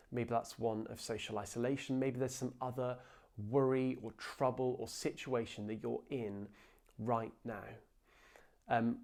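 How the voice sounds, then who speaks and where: A man's voice: fairly high pitch, darkish tone. A young man preaching an informal, earnest sermon, with fillers and asides. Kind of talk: conversational sermon.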